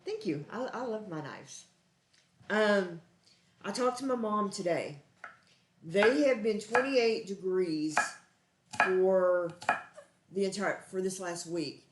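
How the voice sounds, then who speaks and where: Texan woman, live cooking host, earnest folksy chatter, mid pitch, echoey kitchen. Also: takes it slowly, long pauses, slight background noise. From Texas. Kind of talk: live cooking stream chat. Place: home kitchen.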